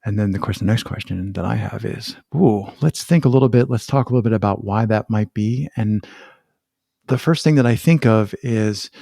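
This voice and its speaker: A man hosts a conversational podcast in a somewhat low voice. He riffs on ideas with animated, self-mocking asides and frequent laughter. The sound is dry, with no room reverb. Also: normal speed, gravelly. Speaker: podcast host.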